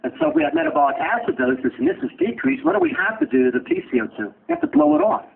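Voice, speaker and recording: Gravelly man lecturing in a tinny recording. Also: high voice, huge pitch swings, rapid-fire. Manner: asks and answers his own questions, blunt joking asides. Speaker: medical lecturer. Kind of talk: lecture with questions to students.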